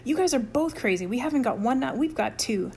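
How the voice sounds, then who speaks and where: A woman voicing a dry, deadpan, clever teenage boy who speaks in an understated way. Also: a little high, a little fast, a little hiss or hum, pitched above the performer's own voice.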